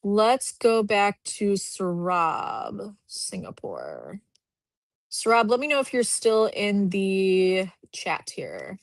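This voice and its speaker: A woman's voice: medium pitch, big pitch swings, takes it slowly, dry recording. A woman recruiter hosting a live stream, chatting casually and upbeat as she reviews profiles from a home office. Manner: chatty, upbeat, thinks aloud while clicking through profiles. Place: home office with a dog nearby.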